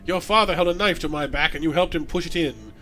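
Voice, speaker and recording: A resolute young noblewoman commander, earnest and firm, read by a man in his own bright, energetic voice. She gives orders with plain steady conviction. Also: fairly high pitch, fast talker, soft background music. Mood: stern resolve.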